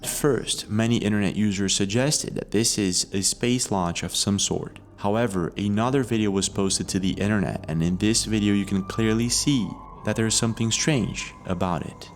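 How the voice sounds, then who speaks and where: Low-voiced male mystery narrator. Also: a little hiss or hum. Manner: measured storytelling, leading questions. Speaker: video narrator. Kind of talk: scripted narration.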